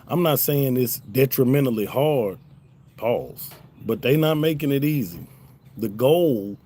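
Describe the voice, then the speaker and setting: A man's voice: fairly low pitch, slight background noise. Laid-back man chatting on a livestream. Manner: relaxed, profane, laughs often, reads chat aloud. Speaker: livestream host. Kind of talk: casual livestream chat.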